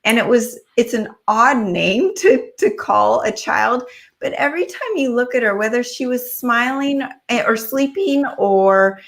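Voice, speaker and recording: A woman's voice: a little high, animated, a little slow, gravelly, a bit bright. A woman hosting a casual interview over a video call who answers her guest with agreeing replies. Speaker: show host.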